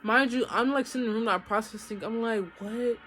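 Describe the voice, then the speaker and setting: A woman's voice: on the high side, fast, a bit bright, faint music behind. Young woman chatting through a storytime vlog. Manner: casual, chatty, addresses viewers directly. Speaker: vlogger.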